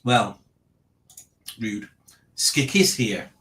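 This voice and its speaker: A man's voice: fairly low pitch, drawn-out words, bright, forceful tone. A man hosting a casual livestream, rambling and reading out viewer comments. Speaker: livestream host.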